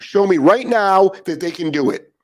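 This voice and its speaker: A middle-aged man hosting a live dog training show, ranting with profanity and repetition, then chatting more calmly with viewers. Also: sits high, normal speed. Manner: calmer chatty greeting of commenters. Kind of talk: ranting live stream monologue.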